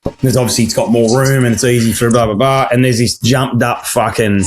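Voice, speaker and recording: An Australian man co-hosts a podcast in casual chat, telling stories in a sweary, ranting manner and mimicking the people he quotes. His mid-range voice is steady and fairly quick.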